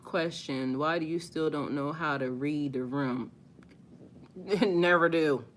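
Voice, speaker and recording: A middle-aged woman hosts a spiritual live stream, talking back bluntly and with sass to viewers' comments, and her voice climbs loud and high whenever she gets worked up. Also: fairly even intonation, measured pace, slight background noise.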